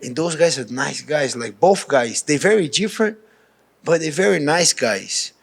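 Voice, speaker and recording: A man's voice: on the high side, animated, moderate pace, creaky, breathy edge. A man with a Brazilian accent, a professional fighter answering questions in a pre-fight media interview, talking frankly and casually, often restarting his sentences.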